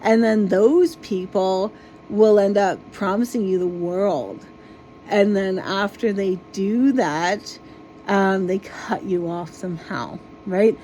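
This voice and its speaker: A woman's voice: medium pitch, slow, dark tone, slight background noise, low-quality recording. A woman vlogger in an exasperated, casual ranting monologue, swearing freely.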